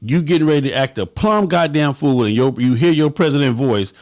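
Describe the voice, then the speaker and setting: A man's voice: fairly high pitch, expressive, a little fast, a little mellow. Blunt profane man on a livestream. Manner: blunt and profane, acts out quotes in a raised voice. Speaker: motorcycle club host giving advice. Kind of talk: livestream talk to viewers.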